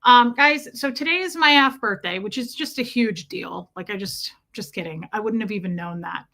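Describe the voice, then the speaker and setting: A woman's voice: medium pitch, normal speed, pushed and bright. A woman in her forties with an American accent, hosting a live stream in a chatty, sarcastic way and reading out viewer comments. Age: 40s. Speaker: livestream host.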